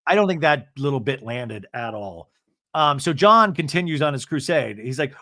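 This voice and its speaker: Bright-voiced sarcastic male podcast host. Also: fairly high pitch, brisk, no room sound, studio quality. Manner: animated, sarcastic, swearing. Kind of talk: comedic recap of a reality show.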